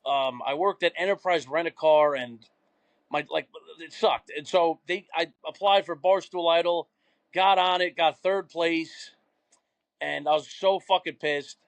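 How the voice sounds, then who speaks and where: A man's voice: a little high, unhurried, no room sound. Profane rambling young New man. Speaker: podcast guest. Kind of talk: casual chat.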